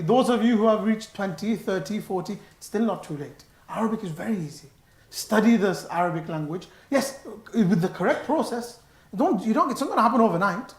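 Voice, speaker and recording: A man giving a sermon in a mosque, animated and stressing his words, mixing in Arabic phrases. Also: high-pitched. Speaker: mosque speaker. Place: mosque hall. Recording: echoey mosque hall.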